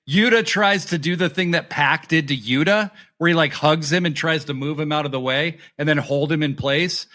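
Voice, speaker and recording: A man co-hosting a wrestling review podcast, talking excitedly and swearing freely as he recaps matches and acts out the wrestlers' lines. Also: fairly high pitch, moderate pace, few pauses. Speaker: podcast co-host. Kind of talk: casual wrestling review chat.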